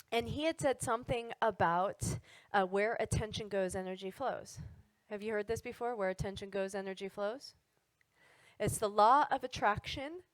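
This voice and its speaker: A woman who teaches wellness, telling a personal story to an audience in an animated, casual way. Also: on the high side, no room sound, low-quality recording.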